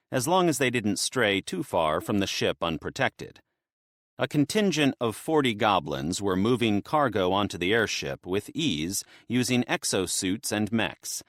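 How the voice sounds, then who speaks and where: A man narrating an audiobook in the first person, in a lively, expressive storytelling manner. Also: on the low side, no room sound, clean studio sound.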